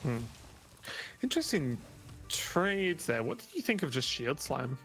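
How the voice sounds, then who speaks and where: A man co-casting a live card game tournament, quick to react to plays and crack jokes. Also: fairly high pitch, big pitch swings, a bit bright, faint music behind. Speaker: esports caster.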